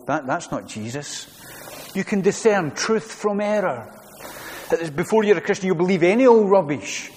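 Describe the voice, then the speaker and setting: A man's voice: high-pitched, darkish tone, long reverb tail. A man preaching a sermon to his congregation, earnest and repeating his phrases as he goes. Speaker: pastor.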